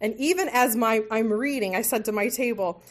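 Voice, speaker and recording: A woman's voice: fairly high pitch, normal speed. A woman teaching a women's Bible study group, conversational and lightly humorous, sometimes correcting herself mid-sentence. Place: meeting room with tables.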